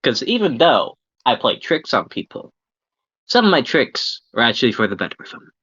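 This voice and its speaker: Lively man playing a tabletop game. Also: mid-range voice, normal speed, slightly rough, dry recording, lo-fi sound. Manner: animated, rambling, slangy. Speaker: player. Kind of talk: casual tabletop game chat.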